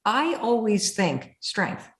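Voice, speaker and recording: A woman podcast host speaking candidly, an animated storyteller who acts out her own inner voice. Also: mid-range voice, slow, reverberant. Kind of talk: candid conversation.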